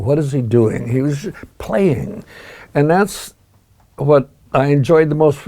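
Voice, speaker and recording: An older man with a gravelly, husky voice, talking as an interview guest and musing over his memories with frequent restarts. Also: mid-range voice, mellow. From United States. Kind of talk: reminiscing interview talk.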